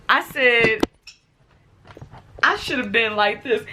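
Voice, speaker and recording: Her fairly high voice moves slowly, leaving long pauses, over some background noise. This Texan woman in her forties is telling an animated story from her apartment for a casual vlog, laughing and shrieking as she reenacts it.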